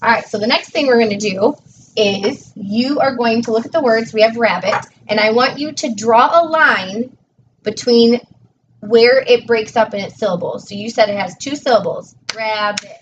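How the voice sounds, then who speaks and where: A woman's voice: a little high, normal speed. A woman teacher tutoring a child one-on-one in a patient, encouraging way, praising each answer. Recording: distant dull mic with faint noise.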